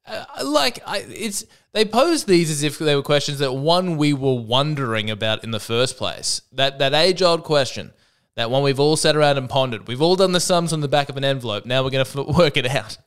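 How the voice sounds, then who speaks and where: Man, solo podcast host, rambling comic monologue, smooth clear voice, middle pitch. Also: lively intonation, fairly quick, fairly bright tone. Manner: rambling, self-interrupting, wry asides.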